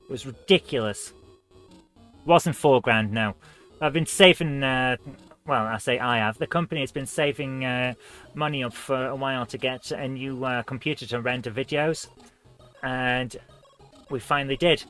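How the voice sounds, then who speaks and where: A man's voice: medium pitch, moderate pace, fairly bright tone, faint music behind. A man hosting a live retro gaming stream, chatting in a rambling, self-mocking way as he plays.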